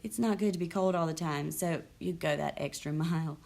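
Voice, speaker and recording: A woman's voice: low-pitched, a little fast, creaky, darkish tone. A young adult woman hosting her own vlog, talking candidly and with sarcasm, with frequent restarts. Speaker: vlog host. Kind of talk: casual talk to camera. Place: lives in the US South.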